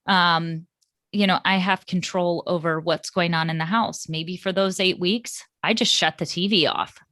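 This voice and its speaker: A middle-aged woman talks through parenting stories on a podcast in a calm, reflective way, often pausing on an um. Her voice sits on the low side, and the sound is dry and close with no room around it. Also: dry recording. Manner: calm, reflective, frequent ums. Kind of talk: casual podcast conversation.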